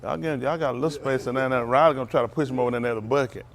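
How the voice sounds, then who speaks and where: A man's voice: medium pitch, steady tone, very fast. Folksy preacher man joking with the congregation. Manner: folksy, joking, calls out to the crowd. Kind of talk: casual sermon banter with the congregation.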